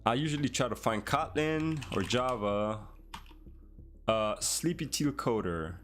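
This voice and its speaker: A man's voice: mid-range voice, expressive, measured pace, fairly bright tone. Male stream host, laid-back, thinks aloud with chat; faint music in the mix. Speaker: livestream host, programmer. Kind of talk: casual livestream chat.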